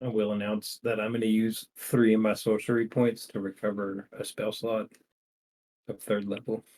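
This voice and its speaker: A man's voice: lowish voice, flat delivery, moderate pace, darkish tone, a little hiss or hum. A man playing a tabletop game, describing his character's action in a casual, laughing way. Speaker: player.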